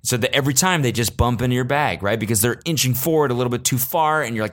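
A young adult man hosting a solo podcast, telling comedic stories casually and profanely, bursting into animated rants. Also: fast talker, hardly any pauses. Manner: animated, swings into loud high-pitched rants when quoting himself. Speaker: podcast host.

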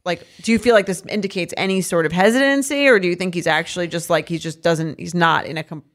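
A woman's voice: fairly low pitch, fast. Woman, 30s, dating podcast co-host, chatty and casual, lots of "like" fillers. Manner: chatty, many "like" fillers, reads listener emails. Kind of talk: casual chat.

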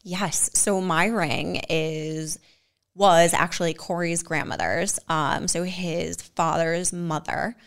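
A young woman with a fry-tinged, slightly low voice tells a story in easy, chatty talk. She fills her lines with "like" and slips into hushed whispers whenever she quotes someone. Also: fairly even intonation, takes it slowly. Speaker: guest. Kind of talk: casual storytelling.

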